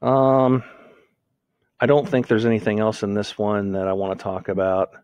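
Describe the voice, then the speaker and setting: A man's voice: fairly low pitch, normal speed, darkish tone, smooth, no room sound. A man giving a screen-recorded lesson on making notes, thinking aloud and correcting himself as he types. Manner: thinks aloud, self-corrects while typing. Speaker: teacher.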